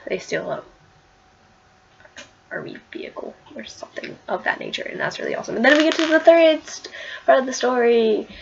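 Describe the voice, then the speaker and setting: A woman's voice: fairly high pitch, big pitch swings, fairly quick, vocal fry, pauses often, dull audio, noisy background. A woman casually talking through a comic issue in a chatty vlog, full of fillers and giggles. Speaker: comic book reviewer.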